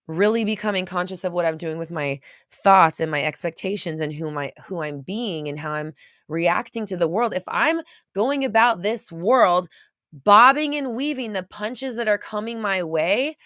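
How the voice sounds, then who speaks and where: Low-voiced rambling woman host. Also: expressive, measured pace, a bit bright, dry recording, clean studio sound. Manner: rambling, many restarts, gets choked up. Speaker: podcast host. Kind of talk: casual talk to live chat.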